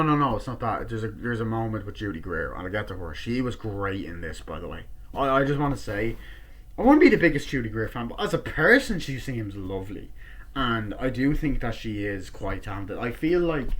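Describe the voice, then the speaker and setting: A man casually reviewing a film at home, rambling and swearing, with lots of fillers, retelling scenes in quick quoted bits, his jaw sore. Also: on the low side, a bit bright. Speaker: movie reviewer.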